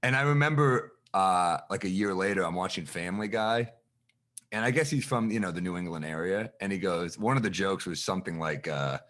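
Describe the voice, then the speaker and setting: A man guesting on a podcast as a comedian, telling a story in a casual, animated way and swearing freely. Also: low-pitched, brisk. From New York. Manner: animated, profane storyteller who acts out exchanges.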